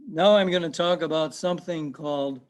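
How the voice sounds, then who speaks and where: Man lecturing, raised pitch. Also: brisk. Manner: conversational, repeats words, quizzes students. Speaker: professor. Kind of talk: online class lecture.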